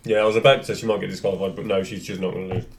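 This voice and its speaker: A man from Britain co-hosting a casual wrestling podcast chat, talking in a halting way with lots of ums and restarts. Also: deep voice, little pitch movement. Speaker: podcast co-host running the segments.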